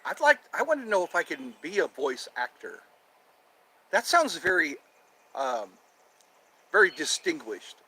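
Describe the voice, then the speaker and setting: A man's voice: on the high side, very animated, a little slow, long pauses, pushed and bright, husky. A man hosting his own show in a playful, rambling monologue, goofing around between topics. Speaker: host.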